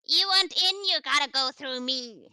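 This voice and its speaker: A woman voicing a bossy old female security guard in a gruff, put-on game voice. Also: high-pitched, normal speed, sharp tone, a little hiss or hum, pitched above the performer's own voice, full character voice.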